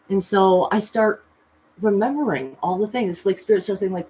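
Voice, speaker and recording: A woman in her thirties telling a personal story in a confessional vlog, emotional and earnest, with pitch jumping high as she recalls pleading. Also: normal speed, a little mellow, slight background noise. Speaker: tarot reader and vlogger.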